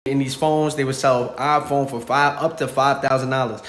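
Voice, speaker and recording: Male host giving relaxed, explanatory commentary, recorded in an echoey room. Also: mid-range voice, moderate pace. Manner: laid-back, explanatory, uses fillers. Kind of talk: casual commentary. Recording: echoey room with faint noise.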